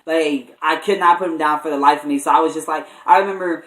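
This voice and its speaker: A young man and college student telling a personal story in an animated, casual way, with lots of "like" and restarts. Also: fairly high pitch, fast. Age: young adult. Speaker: vlogger. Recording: echoey room, mic at a distance.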